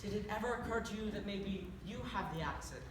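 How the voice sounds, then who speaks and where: A woman's voice: medium pitch, fast, natural voice. A woman voicing a short, hot-tempered adult male leprechaun with an Irish accent and a sarcastic manner. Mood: exasperated. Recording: echoey room, distant mic, noisy.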